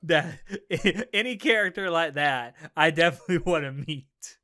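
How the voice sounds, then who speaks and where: A man's voice: fairly high pitch, expressive, moderate pace, bright, forceful tone, no room sound, clean studio sound. A man co-hosting a podcast, chatting casually and enthusiastically about anime in a rambling, restart-filled way. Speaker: podcast co-host. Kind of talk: casual anime discussion chat.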